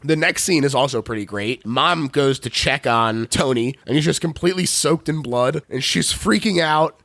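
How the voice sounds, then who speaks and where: A man's voice: mid-range voice, moderate pace, gravelly, a bit bright, no echo. A man with a Philadelphia accent hosting a podcast, recapping a horror film in a casual, laughing, profane way. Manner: laughs often, swears, playful recapping. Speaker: podcast host. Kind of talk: casual movie recap chat.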